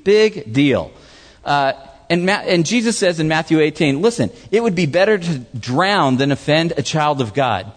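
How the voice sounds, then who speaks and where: A man preaches with a lively voice that rises and falls a great deal, asking the listeners questions and voicing the people in his stories. His voice carries a long reverb from the hall he speaks in. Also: on the high side, moderate pace, hardly any pauses. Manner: animated preaching with questions to the audience, acts out voices. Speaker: pastor. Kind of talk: sermon.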